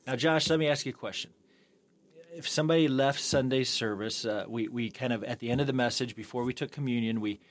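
A man co-hosting a church podcast after a sermon, affirming his guest with enthusiasm and asking him questions. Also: mid-range voice. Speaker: podcast co-host. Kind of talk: post-sermon podcast discussion.

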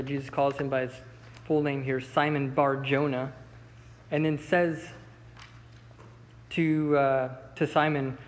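A man leads a Bible lesson in an easy, chatty manner, stumbling into restarts and filler words. His voice sits at an ordinary pitch. It carries a long reverb from a large room, with faint ambient noise behind it. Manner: relaxed, conversational, with many fillers and restarts. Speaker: Bible study teacher.

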